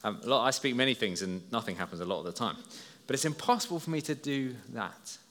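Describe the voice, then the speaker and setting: Male preacher, animated storyteller, bright tone, echoing church hall. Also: mid-range voice, fast. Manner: lively, storytelling, talks to listeners as "you". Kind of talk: children's talk sermon. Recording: long hall reverb.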